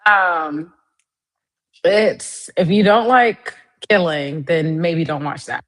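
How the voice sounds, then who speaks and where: A young adult woman hosting a casual live stream, chatting directly to her viewers in a lively way. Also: takes it slowly. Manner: lively, swings up high in pitch.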